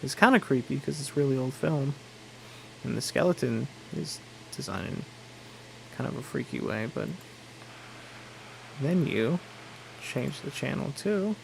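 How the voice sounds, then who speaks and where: A tired man talks through a game at a slow, rambling pace. His voice is gravelly with a mid-range pitch. A faint air conditioner hums in the room. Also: animated, a little mellow, slight background noise, low-quality recording. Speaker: gamer. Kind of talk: casual let's play commentary.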